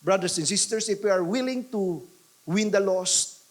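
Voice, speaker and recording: A man's voice: high-pitched, moderate pace. A Filipino man preaching a sermon in church, emphatic and repeating key lines for effect, slipping into Tagalog now and then. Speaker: pastor.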